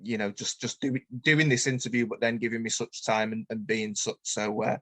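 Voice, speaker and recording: A man's voice: lowish voice, steady tone, moderate pace, fairly bright tone, dry recording. A man from England, hosting an interview. He stammers often and thanks his guest effusively. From northern England. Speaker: podcast host. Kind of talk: casual interview chat.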